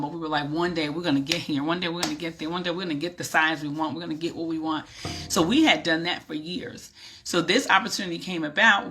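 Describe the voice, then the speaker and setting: A middle-aged woman tells her own story to the camera in a casual vlog. Her voice is bright and ringing. She speaks in a lively, animated way, like she's chatting with friends. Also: low-pitched, creaky. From New York. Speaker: vlogger and business coach.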